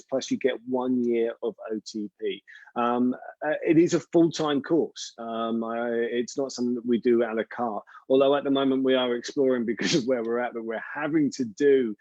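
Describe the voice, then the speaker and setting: Guy hosting a webinar, chatty, lots of restarts, mid pitch, dull call audio. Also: a little mellow, dry recording. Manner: chatty, rambling, many restarts. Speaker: school representative and host. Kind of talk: webinar presentation.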